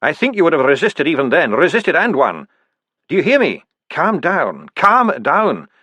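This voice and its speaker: A man's voice: a little high, wildly swooping pitch, moderate pace, bright, forceful tone, slightly rough, no room sound, voice pushed up, heavily acted. A man voicing an earnest dwarf priest who speaks in an urgent, persuasive way.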